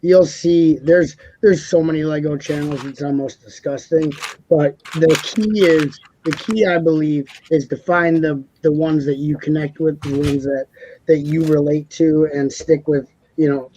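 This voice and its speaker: A man's voice: a little high, steady tone, unhurried, warm tone, a little hiss or hum, rough recording. A man co-hosting a casual live stream panel, talking in a rambling way, repeating words and laughing often.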